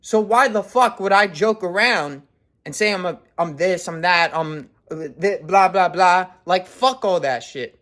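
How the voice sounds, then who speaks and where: A man's voice: high-pitched, measured pace, pushed and bright. A man in his twenties giving a blunt, profanity-heavy motivational rant as a vlogger. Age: 20s. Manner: blunt, heavy swearing, intense.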